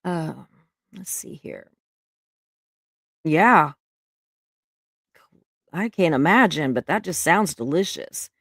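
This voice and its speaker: A middle-aged woman with a drawl chats casually through viewer comments on a livestream. Her voice sits on the low side and the sound is dry and close. She laughs easily and gets emotional. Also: animated, slow pace, long pauses, a bit bright, no echo. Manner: chatty, emotional, laughs often. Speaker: live stream host reading viewer comments. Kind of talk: casual chat.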